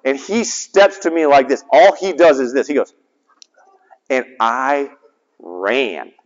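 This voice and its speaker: A man in his forties, a chaplain giving a sermon, telling a story with big swings between loud and soft. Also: medium pitch, slow. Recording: dull sound with long hall reverb.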